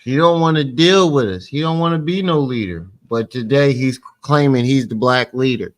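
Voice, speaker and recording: A man's voice: medium pitch, normal speed. A man hosting reaction commentary, cutting in bluntly and mocking the clip he is playing. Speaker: commentary host.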